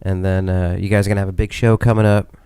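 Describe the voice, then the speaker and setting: A man hosts a laid-back podcast and draws out his guest. His voice sits low and sounds smooth and resonant, with a dry, close sound. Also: flat delivery, fast talker, dark tone, no room sound. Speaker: podcast host. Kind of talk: casual podcast chat.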